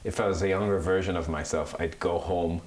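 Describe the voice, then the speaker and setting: A man's voice: deep voice, fairly quick. Rambling man in an echoey room. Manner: rambling, animated, mocks Italian accents. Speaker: podcast co-host, musician. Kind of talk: casual chat. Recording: echoey room with faint noise.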